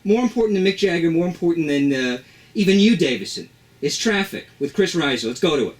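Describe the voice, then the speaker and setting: A man's voice: fairly high pitch, expressive, fast talker. A man co-hosting a radio show in a studio, bantering playfully and theatrically. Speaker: radio co-host.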